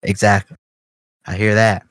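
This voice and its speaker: A man's voice: lowish voice, level tone, unhurried, a bit bright, no room sound. A young man telling a long, profane story in casual podcast chat. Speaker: podcast co-host.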